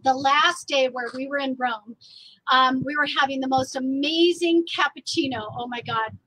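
A woman's voice: sits high, normal speed, sharp tone, rough recording. A woman artist hosting a casual live stream outdoors, bubbly and laughing often. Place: outdoors, a little windy.

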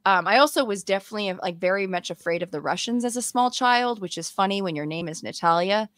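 A woman from Los Angeles, guest-hosting a podcast in casual chat, who tells stories in an animated way and acts out quotes. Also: medium pitch, quick pace, dry recording. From Los Angeles, California. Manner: animated storytelling, acting out quotes with laughter. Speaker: guest host.

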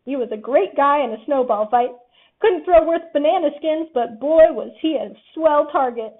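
A woman's voice: high-pitched, moderate pace, natural voice. Tigger, a woman doing a bouncy cocky tiger. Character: bouncy boastful male tiger. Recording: tinny phone-like audio.

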